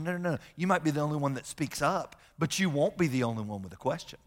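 A man's voice: on the high side, lively intonation, quick pace, few pauses. A middle-aged man preaching a sermon as a pastor, emphatic, repeating key phrases and telling personal stories. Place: large church sanctuary. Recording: long hall reverb from sanctuary.

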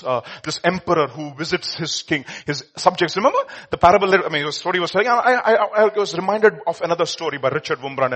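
A man's voice: medium pitch, a bit bright, breathy edge. A man preaching a sermon. He speaks emphatically and keeps asking the congregation questions. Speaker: pastor.

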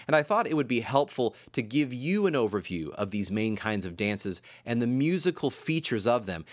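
A man with a low voice gives a recorded explanatory lecture in a measured, steady manner. The sound is dry and close, with no room echo. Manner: measured, explains by counting beats aloud. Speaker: composer and music teacher. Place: school campus room.

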